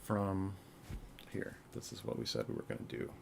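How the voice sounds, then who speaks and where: A man hosting a live-coding stream, talking in a halting, earnest, soft-spoken way with a gravelly voice. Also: low-pitched, very animated, noisy background. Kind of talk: casual live-stream talk.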